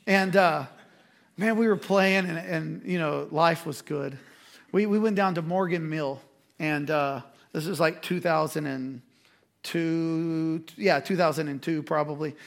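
A man, a pastor preaching a sermon and telling a self-deprecating story with animated energy. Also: a little high, measured pace, vocal fry.

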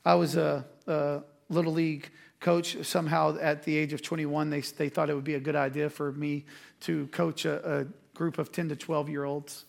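A man, a pastor preaching a sermon and telling a self-deprecating story with animated energy. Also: fairly high pitch, moderate pace, vocal fry.

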